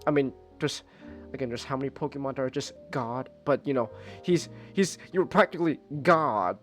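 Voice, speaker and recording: A man hosting a casual podcast, ranting in an animated, exasperated way with mocking asides. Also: mid-range voice, a little fast, soft background music. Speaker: podcast host. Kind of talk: casual chat. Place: home streaming setup.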